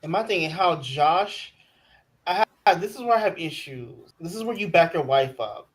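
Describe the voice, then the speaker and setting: A woman co-hosting a live-streamed recap show, telling what happened in an animated, rambling way. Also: on the low side, moderate pace. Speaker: co-host.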